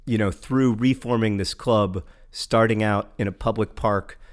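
Low-voiced American man, wry and rambling. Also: fairly even intonation, a little slow. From American South. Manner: enthusiastic, wry, many fillers and restarts. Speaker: podcast co-host. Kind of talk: casual chat.

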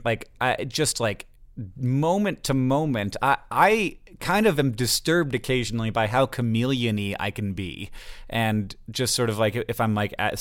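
A man's voice: medium pitch, smooth, no echo, studio quality. A man co-hosting a casual talk show, speaking in a reflective, hesitant way with many "like"s. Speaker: podcast co-host. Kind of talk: casual chat.

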